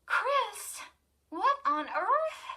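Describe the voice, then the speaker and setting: A woman's voice: very high-pitched, expressive, measured pace, pushed and bright, voice pushed up, heavily acted. A woman voicing a startled older sister, a girl who urges and insists with growing alarm. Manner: urgent, insistent pleading.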